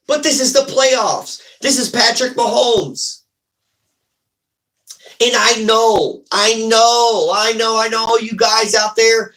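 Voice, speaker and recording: A man giving an excited fan recap of a football game, animated and ranting, repeating himself. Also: very high-pitched, low-quality recording. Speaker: sports fan vlogger.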